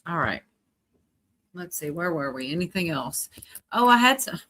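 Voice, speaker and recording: A woman's voice: on the low side, big pitch swings, normal speed, pushed and bright. A woman hosting a casual livestream. She reads out chat comments, laughs often and swears casually. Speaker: livestream host.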